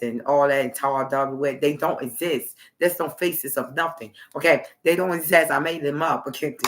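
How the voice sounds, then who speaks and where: A man's voice: fairly high pitch, a bit bright. Rambling man talking on a livestream. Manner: rambling, repetitive, trailing off mid-sentence. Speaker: livestream host.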